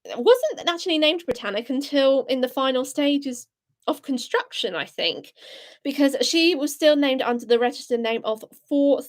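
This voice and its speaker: High-voiced bubbly woman host. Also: normal speed. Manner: bubbly, reads chat comments aloud, excitable gasps. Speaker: live stream host. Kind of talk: casual live stream chat.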